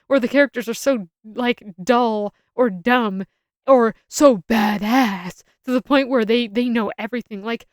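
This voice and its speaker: A woman's voice: a little high, dry recording, clean studio sound. A young adult woman giving a casual, opinionated film review, rambling and often restarting her sentences.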